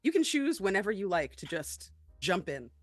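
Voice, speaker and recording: A woman's voice: medium pitch, sing-song, moderate pace, dry recording, studio quality. A woman hosting a live game stream in casual chat, bubbly and hesitant, with frequent fillers. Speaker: stream host.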